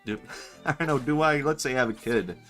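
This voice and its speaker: A man's voice: medium pitch, a little fast, a bit bright, soft background music. A man, chatting casually and joking while he streams a game. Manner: rambling, joking, often laughing. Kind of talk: casual gaming stream chat.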